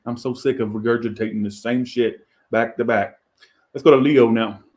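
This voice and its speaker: A man's voice: medium pitch, fairly even intonation, moderate pace, a little mellow, roomy sound. Crude, rambling man reading tarot. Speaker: tarot reader.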